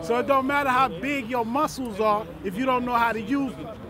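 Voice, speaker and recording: A man's voice: very high voice, fairly even intonation, a little fast. Preaching older Los man. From South Central Los Angeles. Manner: preaching, rhythmic repetition. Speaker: guest speaker. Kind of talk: outdoor speech to a crowd. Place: outdoor street gathering. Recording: crowd noise outdoors.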